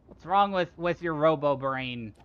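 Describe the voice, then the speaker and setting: A man's voice: a little high, measured pace, smooth, muffled recording. A man streaming a cozy game, talking casually in a playful, rambling way with frequent giggles. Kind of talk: casual gameplay commentary.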